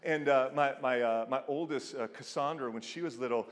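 Middle-aged male pastor, animated sermon, hall reverb. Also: moderate pace. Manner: animated storytelling, acts out quotes with big pitch jumps.

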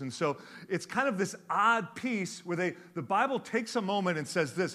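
A middle-aged man, preaching a sermon with animated, joking storytelling. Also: high voice, normal speed, few pauses. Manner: animated storytelling with jokes, varied pace. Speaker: pastor.

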